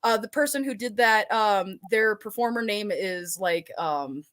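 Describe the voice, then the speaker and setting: A woman's voice: medium pitch, unhurried, a bit bright. A woman guest, a haunt actor and burlesque performer, telling stories in casual chat, giggly and rambling, swearing freely.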